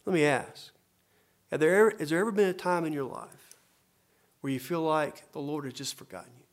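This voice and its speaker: A man preaching a sermon as a pastor, earnest and repetitive for emphasis, dropping to soft murmurs and rising to loud, emphatic cries. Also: fairly high pitch, expressive, brisk. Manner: earnest, repeats phrases for emphasis.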